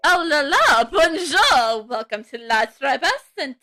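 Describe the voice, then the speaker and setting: A woman's voice: high-pitched, big pitch swings, slow pace, bright, forceful tone, no room sound, clean studio sound, exaggerated voice. A woman putting on a flamboyant French chef, gushing. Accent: mock French. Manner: theatrical, gushing, fumbling words. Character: flamboyant male French restaurant owner.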